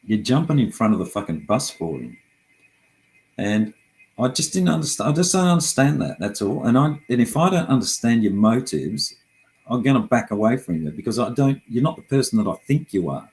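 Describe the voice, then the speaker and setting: A man's voice: mid-range voice, animated, fairly quick, a little mellow, rough recording. A middle-aged man talking casually and heatedly, frustrated and swearing often as he rambles through his complaints.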